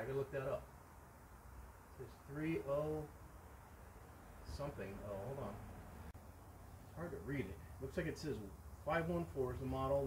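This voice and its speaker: Guy excitedly thinking out loud into a close camera mic, medium voice, lots of noisy hiss behind. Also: medium pitch. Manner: excitable, exclaiming and thinking aloud. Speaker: vlogger restoring a vending machine. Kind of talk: casual filmed running commentary. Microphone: camera mic held close.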